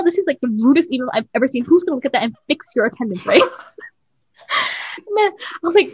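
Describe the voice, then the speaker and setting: A young woman co-hosts a casual podcast chat, telling stories with a laughing, animated delivery. Her voice sits high and swings widely in pitch, with a slightly husky texture. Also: fast, no echo, low-quality recording. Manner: laughing storyteller, animated retelling. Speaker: podcast co-host.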